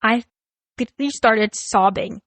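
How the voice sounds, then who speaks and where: A young woman guesting on a family podcast, telling stories in an animated way and saying "like" a lot. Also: on the high side, normal speed, dry recording. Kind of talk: casual family chat.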